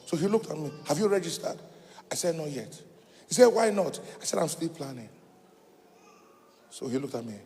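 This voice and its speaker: A man preaching a fervent sermon as pastor, calling out to the congregation and rising to shouts. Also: fairly high pitch, lively intonation, normal speed, pauses often. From Africa. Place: church sanctuary. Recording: echoey church hall with faint music.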